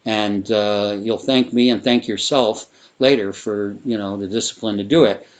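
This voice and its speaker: A man teaching a guided vocal breathing exercise, talking in a relaxed, rambling way with fillers and restarts. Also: on the low side, moderate pace. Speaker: sound therapy teacher.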